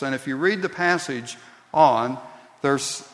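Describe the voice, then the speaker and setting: Slow-preaching pastor in a reverberant hall. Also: male voice, fairly high pitch, fairly bright tone. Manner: slow deliberate preaching that builds to emphatic peaks. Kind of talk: sermon. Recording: long reverb of a large hall.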